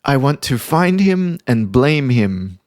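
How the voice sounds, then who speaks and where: A man voicing an abrupt female school boss who yells for her staff. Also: medium pitch, big pitch swings, slow pace, no echo, clean studio sound, pitched above the performer's own voice. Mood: curt. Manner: yelling names down a hallway.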